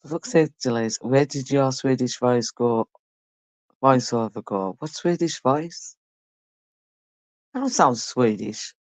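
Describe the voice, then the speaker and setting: A woman's voice: extremely low pitch, expressive, a little slow, a little mellow, no room sound. A woman talking casually and bluntly to her live-stream viewers, swearing freely.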